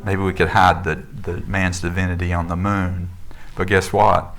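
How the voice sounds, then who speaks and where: A middle-aged minister with a low voice delivers a relaxed, conversational sermon. He tells a story at an easy pace and keeps stopping with fillers and restarts. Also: normal speed.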